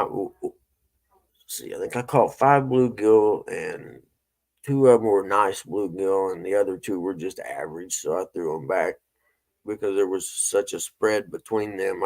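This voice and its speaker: A man's voice: sits low, vocal fry, a little mellow. A middle-aged man, hosting a casual morning show and telling rambling, folksy stories. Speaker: host.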